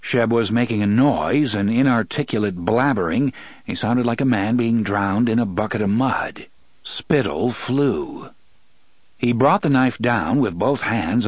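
A low-voiced man narrates an audiobook from a script, keeping his storytelling measured and even. No room sound can be heard.

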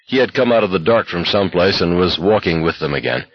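A man narrating an audiobook in a steady, measured reading. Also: low-pitched, no room sound, highs cut off. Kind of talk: scripted narration.

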